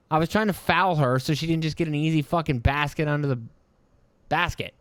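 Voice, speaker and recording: A man's voice: a little high, moderate pace, clear, resonant tone, no room sound. A young adult man hosting a podcast, ranting in a heated, profane, mocking way and slipping into put-on voices. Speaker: podcast host. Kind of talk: ranting solo podcast commentary.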